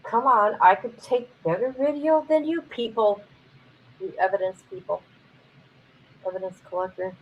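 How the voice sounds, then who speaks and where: A woman's voice: medium pitch, moderate pace, pauses often, lo-fi sound, slight background noise. A woman streamer giving blunt live commentary on court footage, talking straight to her viewers.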